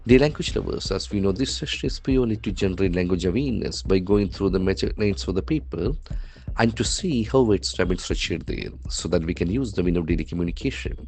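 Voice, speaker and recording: A man's voice: low-pitched, expressive, vocal fry, darkish tone, breathy edge. Indian man teaching English pronunciation. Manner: spells words letter by letter and repeats them slowly for pronunciation. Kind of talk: newspaper vocabulary lesson.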